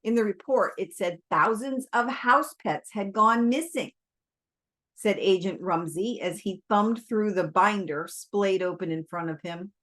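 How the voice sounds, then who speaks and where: Lady reading a novel out loud, slow and calm. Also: medium pitch. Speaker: reader. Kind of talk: audiobook reading.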